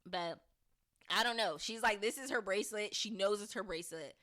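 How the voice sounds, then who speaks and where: A woman's voice: mid-range voice, moderate pace. A woman hosting a podcast, chatting casually through an episode recap and thinking aloud with restarts. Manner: lively, acts out characters' lines in recaps. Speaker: podcast host.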